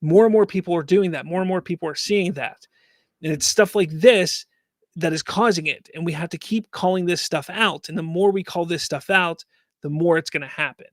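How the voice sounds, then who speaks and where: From a home setup, a man with a voice high for a man hosts a live stream, reading chat comments and ranting about fan news with exasperated rhetorical questions. He speaks at normal speed, close-miked with a dry, dead sound and no room sound.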